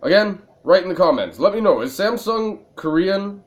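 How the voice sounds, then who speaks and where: A man's voice: high voice, animated, moderate pace. Rambling, slightly tipsy male gamer. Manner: rambling, self-mocking, laughs at his own jokes. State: a little tipsy. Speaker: gaming video creator. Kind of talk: let's-play commentary.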